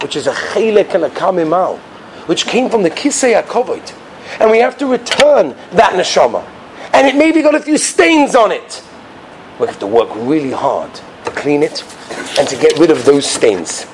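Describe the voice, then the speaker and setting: Lively, high-pitched male preacher. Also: a little hiss or hum. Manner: animated, acts out characters in his stories with sudden high outbursts. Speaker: rabbi giving a talk. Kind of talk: sermon with storytelling.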